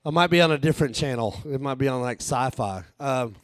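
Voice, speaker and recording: A stand-up comedian and author performs a rambling, crude set on a live stage, laughing at his own jokes. He has a medium-pitched voice and a fairly quick pace, captured in a dry recording with clean studio sound.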